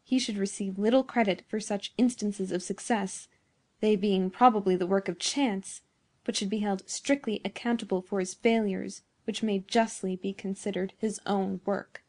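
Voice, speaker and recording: A woman's voice: mid-range voice, fairly even intonation, normal speed, darkish tone, close to an everyday voice. A woman voicing an older male professor who is testy and wry, speaking in a dry, teasing way.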